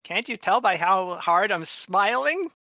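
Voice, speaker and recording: A jittery town guard speaks in a high, bright, strained voice, grinning so hard it hurts, as a game master puts him on. The voice stays cheerful on the surface while sounding tight and forced. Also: male voice, animated, a little slow, no echo, dull audio, exaggerated voice. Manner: strained cheerful, talking through gritted teeth. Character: nervous male town guard with forced grin.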